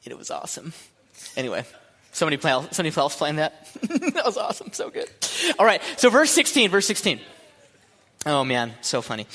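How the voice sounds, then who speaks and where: A young man preaches to his church in a lively, joking way, with sudden shouts and laughs. His voice is bright and forceful, sitting a little high. It rings with the long reverb of a large hall. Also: a little fast. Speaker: pastor. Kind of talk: sermon.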